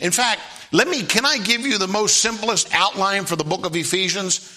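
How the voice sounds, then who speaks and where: A man preaching a sermon as pastor, emphatic and repetitive, often asking the congregation "Amen?" and reading scripture slowly. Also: sits high, expressive, sharp tone. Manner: emphatic preaching, frequent call-and-response "Amen?", repeats key phrases; reads scripture slowly and deliberately.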